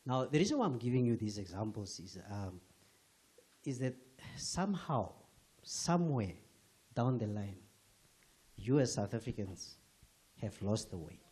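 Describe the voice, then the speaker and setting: A man's voice: lowish voice, sing-song, unhurried, long pauses, darkish tone, breathy edge. A man from Namibia speaking from the floor at a book launch, earnest and emphatic, with frequent restarts. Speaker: audience member commenting. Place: event hall with audience.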